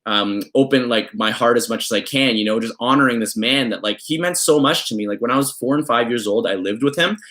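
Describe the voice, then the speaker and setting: A young man from Canada vlogging, telling a personal story in a rambling, casual way full of fillers, getting animated when he acts out family members. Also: medium pitch, fairly quick, hardly any pauses.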